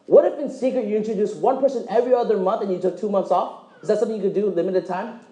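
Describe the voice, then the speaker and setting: A man giving a motivational sales presentation, joking and quizzing the audience, acting out quick dialogues. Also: high voice, dark tone, reverberant, poor audio. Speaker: presenter at a direct-sales meeting. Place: meeting room with live audience.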